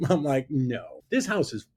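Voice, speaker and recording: A man telling an animated story about his past, acting out both sides of a conversation. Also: on the high side, slow, husky. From Florida. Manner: lively storyteller who acts out both sides of dialogue. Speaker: guest investor telling a story. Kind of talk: animated anecdote on a talk show.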